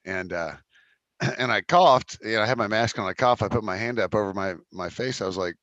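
A man's voice: lowish voice, fairly quick, a bit bright, no echo, lo-fi sound. A young man co-hosting a podcast remotely, chatting casually and rambling with lots of fillers and restarts. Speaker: podcast co-host. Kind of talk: casual chat. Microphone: remote call.

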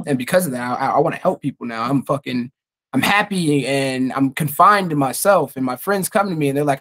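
A man's voice: mid-range voice, brisk, fairly bright tone. A young man hosting a casual podcast, talking in an earnest, heartfelt way and swearing freely. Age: young adult. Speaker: podcast host.

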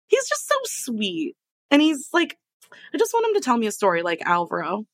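A woman hosting a podcast, chatting casually and gushing, with quick asides. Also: a little high, huge pitch swings, no echo. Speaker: podcast host. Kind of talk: casual chat.

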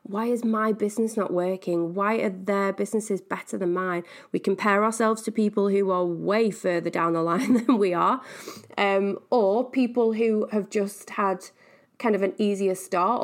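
A woman's voice: mid-range voice, fairly even intonation, a little slow. A woman business coach hosting her own podcast, talking casually and animatedly, laughing often and wandering off on tangents. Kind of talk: casual solo podcast talk.

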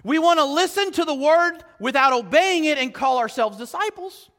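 A male pastor preaching a sermon in a conversational way, full of rhetorical questions, swinging from loud emphasis to quiet, low asides. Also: normal speed, in a large hall. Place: church sanctuary.

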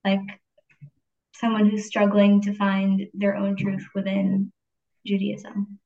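Flat-voiced young woman interviewer. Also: medium pitch, slow pace, vocal fry, muffled recording. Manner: soft-spoken, uses "like" often. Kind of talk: casual interview.

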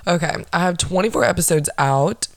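A woman's voice: lowish voice, brisk, no room sound. Dry, sarcastic young woman podcaster. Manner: dry, sarcastic, profane and rambling. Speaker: podcast host. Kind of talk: casual solo podcast chat.

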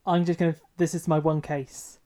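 A man co-hosting a casual podcast chat with a dry, teasing, measured manner. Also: on the high side, flat delivery, dark tone. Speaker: podcast co-host.

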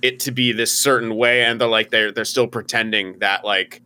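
A man's voice: lowish voice, steady tone, normal speed, bright, forceful tone, smooth. A man co-hosting a casual sports chat, talking bluntly in rambling, profane bursts. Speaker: podcast co-host.

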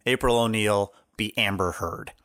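A young man co-hosting a podcast, talking loosely and excitably, often laughing. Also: fairly low pitch, unhurried. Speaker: podcast co-host. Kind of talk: casual chat.

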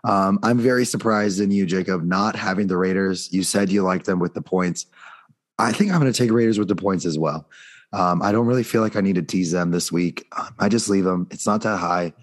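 Deep-voiced man hosting a betting chat. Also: a little fast. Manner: upbeat, leads the segments. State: losing his voice. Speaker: podcast host. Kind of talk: casual sports betting chat.

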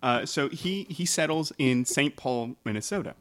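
A man co-hosting a comedy history podcast, telling the story in a steady way between jokes. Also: mid-range voice, moderate pace. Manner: steady storyteller, breaks into joking voices.

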